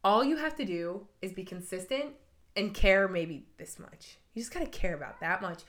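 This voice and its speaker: A woman's voice: medium pitch, animated, moderate pace. A young woman who is a hairstylist, co-hosting a podcast in a playful, jokey casual chat.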